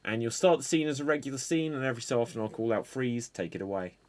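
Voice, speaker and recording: A man hosting an online improv comedy show, calling out game prompts in a dry, unhurried way over a video call. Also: medium pitch, lively intonation.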